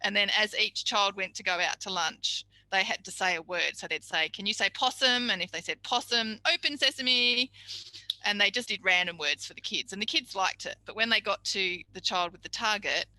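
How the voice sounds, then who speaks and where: A woman's voice: medium pitch, brisk, few pauses, bright, forceful tone, dry recording, poor audio. A middle-aged woman, a speech pathology tutor giving a chatty, practical tutorial lecture. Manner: chatty, practical, acts out little quoted exchanges.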